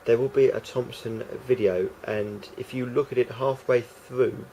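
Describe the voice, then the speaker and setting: A man's voice: mid-range voice, fairly even intonation, measured pace, warm tone, slight background noise. A man rambling through a casual vlog monologue, hesitant and full of restarts and fillers. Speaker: vlogger.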